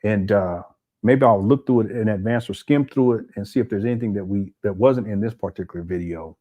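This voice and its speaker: A man's voice: lowish voice, a little fast, phone-quality sound. A man hosting a casual commentary video, laughing and making mocking asides. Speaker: commentary host.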